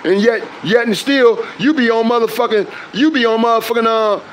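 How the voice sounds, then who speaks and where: A man's voice: very high-pitched, brisk, a little hiss or hum, poor audio. A man delivering a heated, confrontational rant as an online commentator. He swears constantly and often trails into fillers mid-sentence. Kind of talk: heated direct-to-camera rant.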